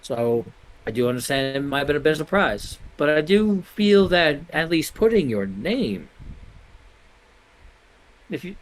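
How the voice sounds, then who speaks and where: A man's voice: on the high side, sing-song, a little slow, long pauses, low-quality recording. A man voicing a polite but disappointed male teacher who talks formally and keeps correcting himself. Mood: stern concern.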